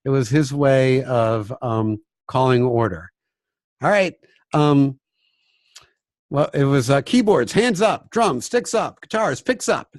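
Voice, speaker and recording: A music teacher talks casually about classroom behavior, chatty and self-deprecating, often acting out examples by dropping to a hushed voice. His voice sits at medium pitch, with no echo.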